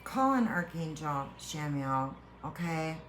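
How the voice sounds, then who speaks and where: A woman tarot reader speaks slowly and earnestly in a lowish voice, offering a heartfelt spiritual reading. She halts and restarts her phrases as she reassures the listener. A faint hum of background noise sits under her voice. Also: expressive, fairly bright tone. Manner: halting with repeated restarts.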